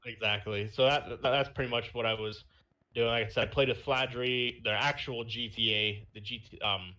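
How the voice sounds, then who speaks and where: Young male podcast host; bright, forward voice, loose chatty storytelling. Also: mid-range voice, steady tone, moderate pace. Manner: rambling storytelling with fillers and laughs. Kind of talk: casual chat.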